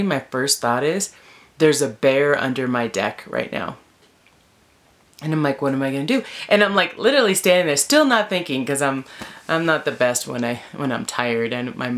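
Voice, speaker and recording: A woman vlogger telling a story in a casual, animated way from inside her tent in the woods, filling her talk with "like" and "you know". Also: very deep voice. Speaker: wilderness vlogger.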